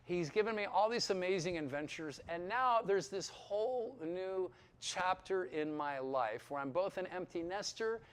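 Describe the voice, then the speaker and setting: A middle-aged pastor gives his testimony to a room of Bible school students. He sounds higher than most men and tells it with animated storytelling, acting out the old conversations and getting emotional near the end. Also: normal speed, hardly any pauses, clean tone. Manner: animated storytelling, acts out dialogue.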